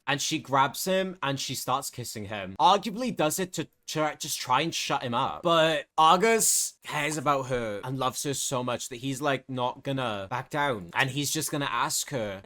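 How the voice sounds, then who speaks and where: Bright, chatty male game narrator. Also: medium pitch, expressive, normal speed, hardly any pauses. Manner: chatty, filler-heavy, swears. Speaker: gaming streamer. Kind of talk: casual let's-play narration.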